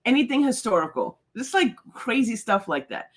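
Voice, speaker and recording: A woman's voice: fairly high pitch, sing-song, normal speed, slightly rough. A middle-aged woman hosting a casual live stream, chatty and laughing often as she greets viewers by name. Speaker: host.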